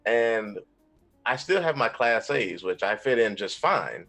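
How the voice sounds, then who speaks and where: A man, an Army veteran, talking as a guest on a live stream, telling a story in a rambling, relaxed way. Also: on the low side, unhurried, creaky, soft background music. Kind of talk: livestream interview chat.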